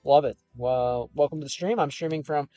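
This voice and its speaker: Young guy from chicago rambling on a casual stream in his car, kinda high voice, lots of likes and ums. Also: fairly quick, mellow, highs cut off, faint music behind. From Chicago, United States. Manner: rambling and loose, with frequent fillers and restarts. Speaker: gaming and language streamer. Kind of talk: casual livestream chat, reading viewer comments.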